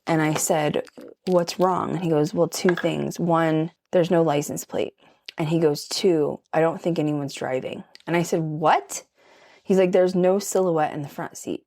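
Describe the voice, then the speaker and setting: A woman's voice: low-pitched, fairly even intonation, moderate pace, mellow. A young woman vlogger telling a ghost story in a chatty, emphatic way, full of "like" and "okay?" asides. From Colorado. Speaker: paranormal vlogger. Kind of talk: casual storytelling while doing makeup.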